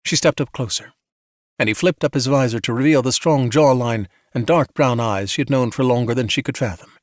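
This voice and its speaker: A man narrates a story in a calm, soothing bedtime manner. His mid-range voice is even and measured. The sound is dry and close with no room echo. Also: medium pitch. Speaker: audiobook narrator.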